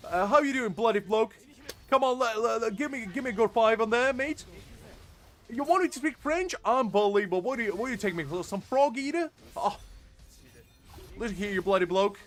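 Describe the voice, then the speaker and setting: A man putting on a patriotic British bloke with a put-on British accent, loud, indignant and boastful. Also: very high voice, expressive, brisk, soft background music, pitched above the performer's own voice. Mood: blustering.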